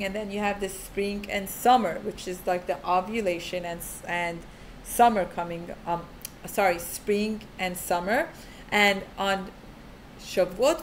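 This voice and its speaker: A woman's voice: medium pitch, a little hiss or hum. Chatty woman explaining frankly. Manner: chatty, full of "like" fillers; frank, down-to-earth. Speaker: teacher of Jewish family purity laws. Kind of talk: casual explanatory talk.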